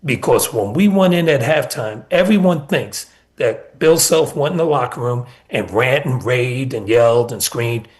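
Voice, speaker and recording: A man's voice: medium pitch, animated, measured pace, few pauses, darkish tone. A middle-aged man, a college basketball coach, telling stories as a guest in a casual radio interview and often repeating words.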